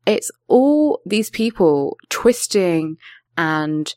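Woman, podcast host, giggly, lively swooping voice, dry close sound. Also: fairly low pitch, extremely slow, no echo. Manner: giggly, steers topics back. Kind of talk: casual comedic chat.

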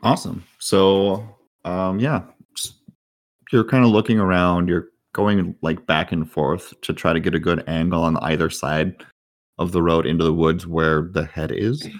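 Deep-voiced man running a tabletop game. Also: steady tone, unhurried. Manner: hesitant, filler-heavy scene description. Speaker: game master.

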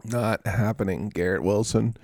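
Gravelly man in a rambling, jokey chat. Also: lowish voice, moderate pace, darkish tone, no room sound, studio quality. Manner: rambling, jokey, self-mocking. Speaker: podcast host. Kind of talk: casual chat.

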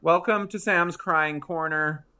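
A man co-hosting a casual chat, retelling a TV episode with animated asides and acting out lines. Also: a little high, takes it slowly. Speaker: podcast co-host.

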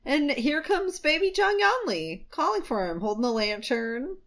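A woman's voice: high-pitched, very animated, normal speed, creaky, a bit bright. A woman co-hosting a casual podcast recap, sarcastic, swearing and gushing over the characters. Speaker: podcast co-host. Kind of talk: casual chat recapping a show.

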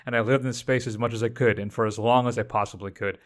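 Pompous self-serious method actor, mock-solemn, deadpan as a man puts it on, mid pitch. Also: fast, lightly acted.

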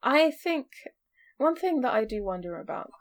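A woman's voice: sits high, very animated, moderate pace. A woman co-hosting a podcast, chatting casually about a book with a joking, playfully sarcastic manner. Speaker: podcast co-host. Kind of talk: casual book-club chat.

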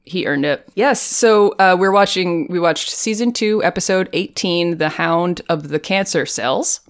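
A woman's voice: on the low side, a little slow. A woman hosting a podcast in casual chat, laughing often between remarks. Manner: giggly, chatty. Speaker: podcast host.

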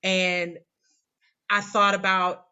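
A woman's voice: mid-range voice, flat delivery, drawn-out words, pushed and bright, clear, resonant tone, highs cut off. A woman in her forties, a poet guest telling a rambling, candid, self-deprecating story in casual interview chat. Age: 40s.

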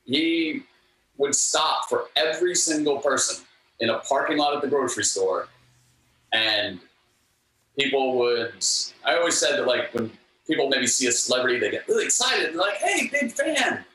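A man guest telling anecdotes in an interview with an earnest, animated manner, acting out what others said. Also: mid-range voice, moderate pace, a little hiss or hum. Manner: animated, earnest, acts out quotes. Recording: echoey room, distant mic, faint ambience.

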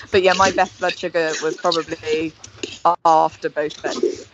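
A woman's voice: low-pitched, steady tone, measured pace. A woman chatting casually as a podcast guest, giggly and self-deprecating. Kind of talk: casual chat. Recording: lo-fi with loud background noise.

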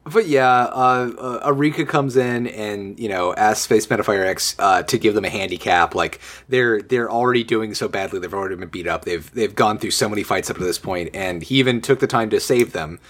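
A man hosting a podcast, talking in a relaxed, rambling way with lots of fillers. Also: lowish voice, fairly quick, few pauses. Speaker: podcast host. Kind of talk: casual chat.

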